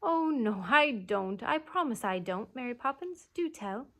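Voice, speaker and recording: A woman's voice: on the high side, animated, measured pace, fairly bright tone. A woman voicing an eager young boy who pleads and insists.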